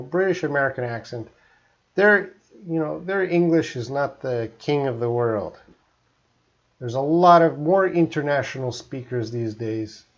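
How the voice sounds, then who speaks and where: A man's voice: mid-range voice, dull audio. A Canadian man, an English teacher, chatting through a live-streamed lesson and reading out viewer comments.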